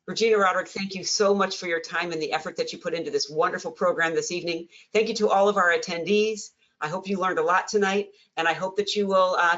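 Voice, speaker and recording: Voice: medium pitch, fairly bright tone. A webinar moderator hosting a question-and-answer session in an upbeat, encouraging way. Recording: dull lo-fi webinar audio.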